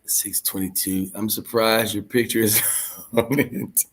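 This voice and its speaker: A young man hosts a casual livestream and talks with his viewers. His delivery is loose and slangy, full of jokes and quick asides. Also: fairly low pitch, fairly even intonation. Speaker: livestream host.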